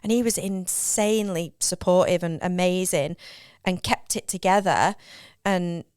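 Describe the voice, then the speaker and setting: A woman's voice: lowish voice, a little slow, darkish tone, clear, resonant tone, no echo, studio quality. A woman on a podcast, speaking earnestly and reflectively in casual chat. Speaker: podcast co-host.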